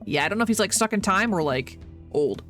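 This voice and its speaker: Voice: mid-range voice, animated, a little fast, a bit bright, soft background music. A streamer casually commenting while playing a dating game, joking and using lots of fillers.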